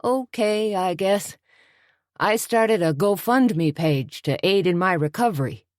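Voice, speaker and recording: A woman's voice: mid-range voice, expressive, slow pace, a little mellow, no echo, studio quality, pitched above the performer's own voice. A woman voicing a scruffy, dim-witted, scheming man who speaks in folksy slang. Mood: boastful.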